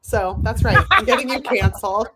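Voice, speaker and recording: A woman's voice: medium pitch, brisk, very noisy. A woman co-hosting over a video call, chatting casually, rambling and giggling as she talks. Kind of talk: casual chat.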